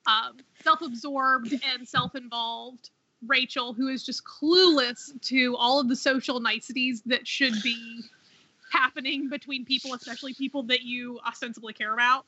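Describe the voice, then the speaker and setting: Woman, high sharp voice, eager podcast chat, lo-fi sound. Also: fairly even intonation, moderate pace, slightly rough, dry recording. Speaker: podcast co-host. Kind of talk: casual chat about a TV show. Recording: dull lo-fi sound.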